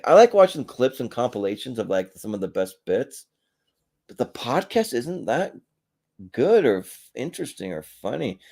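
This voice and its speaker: A man's voice: on the low side, darkish tone. A young adult man hosting a solo ranking show, chatting offhand and rambling with frequent hesitations. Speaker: podcast host. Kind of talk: casual solo ranking chat.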